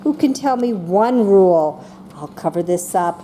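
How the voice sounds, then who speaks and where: A teacher in a classroom, a woman whose pitch rises and falls a lot as she coaxes answers from small children. Her tone is mellow and warm rather than bright, and she leads the lesson patiently, with a faint hiss of room noise behind her. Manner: slow and patient, calling on children by name, voicing excited examples.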